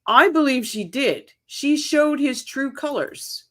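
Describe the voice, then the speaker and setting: A woman hosting a casual livestream, chatting excitedly, laughing often and reading viewer comments aloud. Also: high voice, slow pace. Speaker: livestream host. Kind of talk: casual live-chat commentary.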